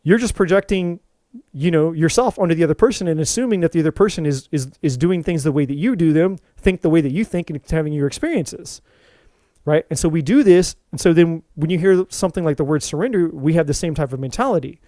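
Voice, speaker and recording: A man hosting a spiritual talk to camera, telling an animated story, swearing freely, and often restarting his sentences. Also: on the high side, fast talker, dry recording. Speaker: tarot reader and spiritual channel host.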